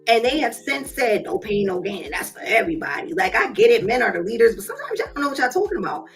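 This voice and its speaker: A woman's voice: a little high, sing-song, fast talker, creaky, soft background music. A woman hosting a live stream from her home office, giving a casual motivational talk with chatty storytelling and calling listeners y'all. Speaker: live stream host and business owner.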